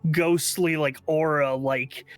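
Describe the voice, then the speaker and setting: A man's voice: a little high, steady tone, slow, dry recording, faint music behind. A man playing a tabletop game, explaining his rolls casually with a lot of swearing, "like" and "uh". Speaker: player.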